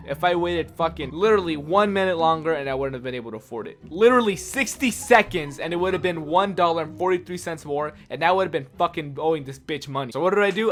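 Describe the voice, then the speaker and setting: A man's voice: a little high, fairly bright tone. Exasperated, swearing storyteller man. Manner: exasperated, profane ranting. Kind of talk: casual spoken storytelling.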